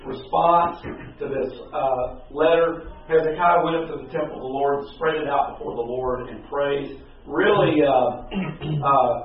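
A man teaching a Bible class in a conversational, halting way, full of fillers and restarts. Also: a little high, slight background noise. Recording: distant, very echoey, phone-like room recording.

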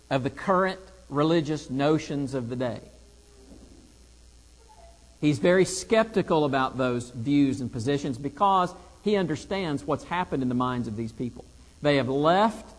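A man's voice: on the high side, in a large hall. A man teaching a Bible lesson, reading scripture aloud and driving points home with rhetorical questions.

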